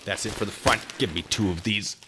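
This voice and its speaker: A man's voice: lowish voice, a little fast, background noise. A man chatting casually with his stream viewers while packing care kits, joking and teasing himself. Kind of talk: casual live-stream chat.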